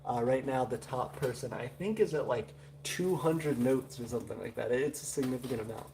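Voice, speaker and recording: Mellow-voiced Southern man, rambling host. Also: mid-range voice, a little fast, creaky, slight background noise. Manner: rambling, many "uh" fillers. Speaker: livestream host. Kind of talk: casual live chat reading viewer comments.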